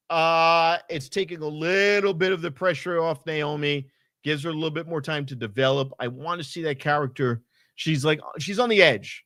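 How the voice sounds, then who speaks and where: A man casually recapping a wrestling show, animated and rambling, with lots of fillers and swearing. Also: on the high side, moderate pace, dry recording, clean studio sound. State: hot and sweaty. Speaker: podcast co-host.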